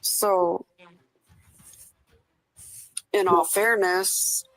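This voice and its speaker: A woman co-hosting commentary, explaining things in a measured way. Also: medium pitch, steady tone, fairly bright tone, dry recording, low-quality recording. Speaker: commentary co-host. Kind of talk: casual commentary chat.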